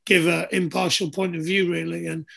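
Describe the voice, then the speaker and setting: A man's voice: fairly high pitch, flat delivery, moderate pace, vocal fry, fairly bright tone. A man, hosting an easygoing casual chat. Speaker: podcast host, former rugby player.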